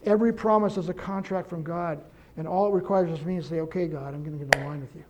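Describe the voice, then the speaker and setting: A man preaching a sermon, quoting scripture and telling a story with lively emphasis and self-corrections. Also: a little high, fast talker, slight background noise. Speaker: pastor.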